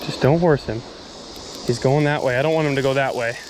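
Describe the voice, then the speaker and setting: A young man giving excited, breathless running commentary as he fights a fish by a river outdoors. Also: mid-range voice, fairly quick, a little hiss or hum, low-quality recording. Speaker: fishing vlogger. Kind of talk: live fishing commentary.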